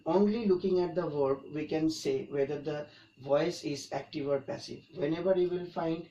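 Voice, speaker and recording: A man's voice: a little high, normal speed, dark tone, dull audio. A man teaching an English grammar lesson, explaining each point and repeating it for emphasis. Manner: repetitive, emphatic explaining with restarts. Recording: echoey room, mic at a distance, faint background noise.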